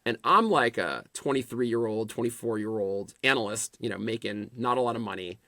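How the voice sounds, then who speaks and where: A middle-aged man, a podcast guest, telling animated anecdotes in casual conversation and often restarting his sentences. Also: on the low side, moderate pace, dry recording, clean studio sound. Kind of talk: casual storytelling interview.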